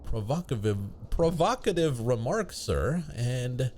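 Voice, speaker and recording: A man voicing a stiffly formal video-game character who speaks slow, ornate old-fashioned English. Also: mid-range voice, sing-song, darkish tone, a little hiss or hum. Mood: stately.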